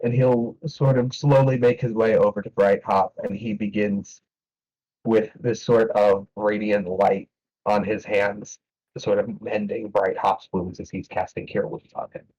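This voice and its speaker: A man narrating as game master of a tabletop game, relaxed and hesitant with many fillers. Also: lowish voice, measured pace, breathy edge, muffled recording.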